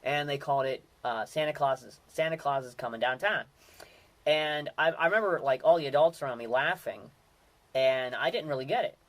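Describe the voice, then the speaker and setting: A man's voice: mid-range voice, fairly quick, fairly bright tone. A man, hosting a casual solo talk and rambling with many fillers and restarts. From Western Pennsylvania. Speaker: podcast host.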